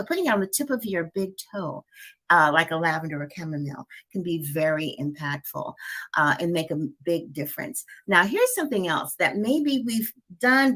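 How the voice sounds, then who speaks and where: A middle-aged woman speaks as a wellness coach in a relaxed live-stream conversation. She sounds upbeat and talkative, and laughs easily between her points. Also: medium pitch. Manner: upbeat, chatty, laughs often. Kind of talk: casual live-stream chat.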